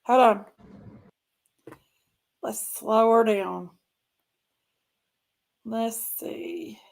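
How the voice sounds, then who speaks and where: A woman's voice: fairly high pitch, drawn-out words, vocal fry, a little mellow. A woman, hosting a casual true crime talk stream and chatting straight to her viewers, often trailing off and repeating herself. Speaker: true crime channel host. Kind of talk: casual livestream commentary.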